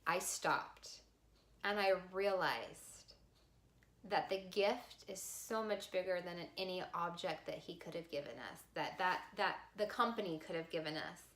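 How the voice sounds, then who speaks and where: A woman vlogger telling a personal story to camera in a heartfelt, expressive way. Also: on the low side, unhurried, echoey room. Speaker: vlogger sharing a life lesson.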